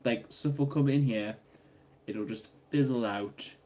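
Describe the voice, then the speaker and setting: A man's voice: lowish voice, takes it slowly, long pauses, a little hiss or hum. A young man from Newcastle with a Geordie accent, hosting a casual livestream Q&A, reading out chat and joking. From Newcastle upon Tyne, England. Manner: chatty, jokey, reads chat aloud, bursts into loud excited exclamations. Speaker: YouTuber answering livestream questions.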